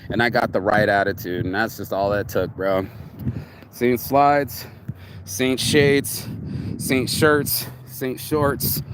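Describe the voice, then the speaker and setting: A man's voice: mid-range voice, takes it slowly, background noise. Rambling, swearing man outdoors. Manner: rambling, animated, swears freely. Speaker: vlogger. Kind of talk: casual motivational monologue. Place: outdoors in a yard.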